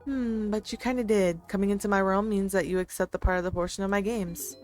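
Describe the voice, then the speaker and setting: A woman's voice: medium pitch, steady tone, fairly quick, a little mellow, soft background music, lightly acted. A woman voicing a smug, playful goddess who hosts a deadly game, with a teasing, cocky manner. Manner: teasing, cocky, sing-song.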